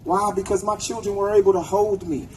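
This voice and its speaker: A man's voice: high-pitched, steady tone, fairly quick, a little mellow, slight background noise, low-quality recording. A man giving a raw, profane speech at an outdoor protest, leading the crowd in chants. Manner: angry, profane, leads chants. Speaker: protest speaker. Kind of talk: impassioned rally speech.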